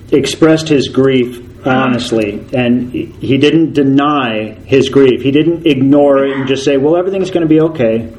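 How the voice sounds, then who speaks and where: A man's voice: fairly high pitch, a little mellow, rough recording. Earnest male pastor preaching. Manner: earnest, repeats key phrases for emphasis. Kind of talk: sermon.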